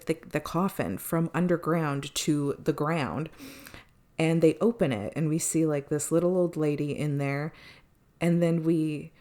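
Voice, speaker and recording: A woman co-hosting a podcast, recapping an episode in casual chat, quoting the characters and swearing freely. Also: low voice. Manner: animated retelling, quotes characters, swears freely.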